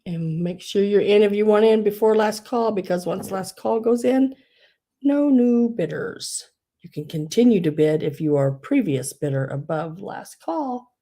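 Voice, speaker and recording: A woman's voice: medium pitch, lively intonation, moderate pace, dark tone. A middle-aged woman hosting a live online sale, gushing over collectible figurines and reading out bids in a chatty way. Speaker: live online auction seller. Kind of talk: live-stream sale chat.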